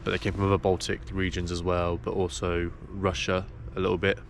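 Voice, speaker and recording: A man's voice: low-pitched, flat delivery, a little fast, gravelly, a little hiss or hum. A young man talking casually to camera as a travel vlogger, rambling as he walks around a city. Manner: rambling, chatty, loose filler-heavy talk. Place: outdoors walking a city.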